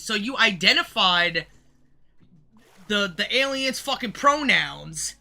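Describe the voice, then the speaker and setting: A man's voice: sits high, animated, unhurried, pushed and bright. A man livestreaming a reaction, ranting angrily and mockingly with heavy swearing. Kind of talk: profane reaction rant.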